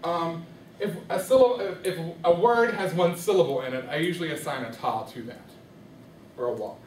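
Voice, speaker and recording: A male music teacher with a fairly high but darkish-toned voice teaches rhythm at a moderate pace. Questioning in manner, he often checks that students keep up, captured from far off in an echoey classroom with a little hiss or hum.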